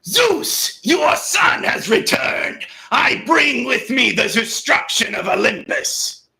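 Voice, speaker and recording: A man doing a booming furious warrior god. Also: sing-song, slow pace, creaky, pushed and bright, raised voice, full character voice. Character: grim gruff warrior god, adult man.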